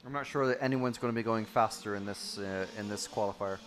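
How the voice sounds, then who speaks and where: A man's voice: lowish voice, fairly quick, background noise. A man adding hesitant, easygoing remarks as co-commentator on a live race.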